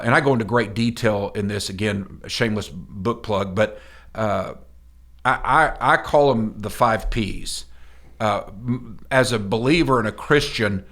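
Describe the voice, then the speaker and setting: A man's voice: on the low side, fairly bright tone. A middle-aged man co-hosting a motivational podcast, talking in a folksy, emphatic, preacher-like way. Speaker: podcast co-host.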